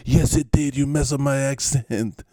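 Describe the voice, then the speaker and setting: A man voicing a boastful football star in a mock French-Spanish accent, speaking halting, broken English. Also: mid-range voice, steady tone, mellow, no echo, studio quality, voice pushed up, natural voice. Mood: indignant.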